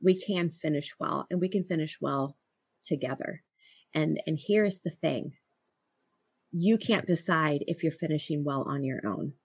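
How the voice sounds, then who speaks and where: A woman's voice: low voice, a little slow, breathy edge, no echo. A middle-aged woman co-hosting a podcast, talking earnestly in a reflective way with frequent restarts and stammers and easy laughter. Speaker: podcast co-host. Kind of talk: reflective conversational talk.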